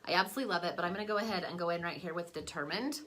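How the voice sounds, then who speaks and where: A woman's voice: on the low side, very fast, a crowd in the background. A young adult woman chatting casually in a makeup vlog at home, rambling with lots of fillers. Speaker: vlogger. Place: at home, away from her desk.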